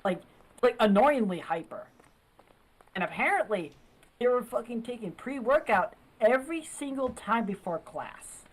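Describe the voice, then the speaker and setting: A woman's voice: fairly high pitch, lively intonation, unhurried, rough recording. A woman chatting casually, stammering and swearing often. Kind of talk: casual chat.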